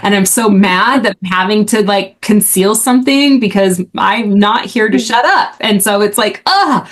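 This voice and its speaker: A woman hosting a podcast, telling a candid personal story in a chatty way, with lots of "like" and her voice rising when she gets excited. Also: moderate pace. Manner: chatty, frequent "like", rises in pitch when excited. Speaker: podcast host.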